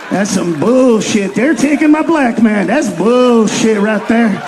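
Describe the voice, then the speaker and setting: A man doing a profane stand-up comedy set, ranting fast, shouting punchlines and acting out voices. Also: very high voice, very animated, breathy edge.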